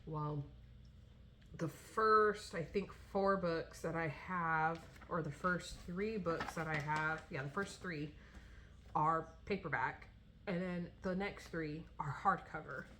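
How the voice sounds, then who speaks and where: A woman in her thirties talks casually with a low-pitched voice. She rambles, stops and restarts, and fills her pauses with um and like. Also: fairly bright tone, slight background noise. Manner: rambling, with many fillers and restarts. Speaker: vlogger talking about books. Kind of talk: casual chat.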